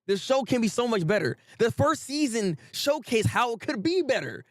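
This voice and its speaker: A man's voice: extremely high pitch, moderate pace, no echo, studio quality. A man hosting a casual anime commentary, ranting animatedly with frequent laughs and repeated phrases. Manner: animated, repetitive, laughs often, swears casually.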